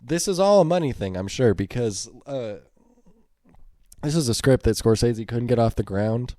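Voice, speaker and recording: A man's voice: mid-range voice, animated, normal speed, dark tone, no room sound, studio quality. A man co-hosting a film podcast in casual chat, giving opinionated, ranting critiques. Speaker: podcast co-host.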